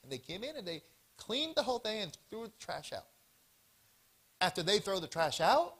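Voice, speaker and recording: Male health-talk presenter, animated storyteller; bright, fairly high voice. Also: normal speed. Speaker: health seminar speaker. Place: church event hall.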